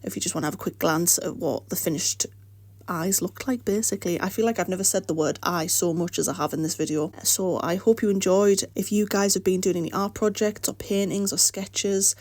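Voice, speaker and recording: A woman's voice: lowish voice, fairly quick, darkish tone, no echo. A woman hosting an art vlog, chatting casually and encouragingly while coming down with the flu, her voice starting to go, in her home art studio. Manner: rambling, encouraging. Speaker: art channel host. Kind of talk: casual voice-over chat.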